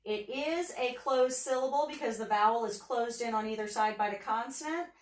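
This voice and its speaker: A woman's voice: fairly high pitch, moderate pace, echoey room, far from the mic. A woman teacher giving a patient phonics lesson, sounding out letters and words for young students.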